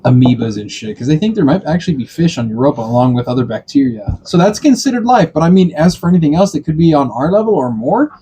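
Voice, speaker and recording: A man's voice: a little high, very animated, fast talker, hardly any pauses, dark tone, a little hiss or hum. A man co-hosting a podcast, talking bluntly in a joking, profane way. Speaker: podcast co-host. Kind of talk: casual chat.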